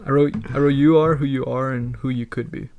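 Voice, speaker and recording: A young man chats loosely on a podcast, spinning rambling anecdotes full of laughs and curse words. His voice sits in an ordinary middle range with a gravelly, creaky edge. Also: medium pitch, fairly even intonation, brisk, phone-quality sound, a little hiss or hum. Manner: rambling storytelling, laughs often, swears a lot. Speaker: podcast co-host. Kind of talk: casual chat.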